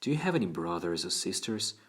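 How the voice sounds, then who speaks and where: Man voicing a patient woman therapist, gentle and probing, only lightly lifted from a low voice. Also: big pitch swings, a little fast, husky, heavily acted. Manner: gentle, questioning.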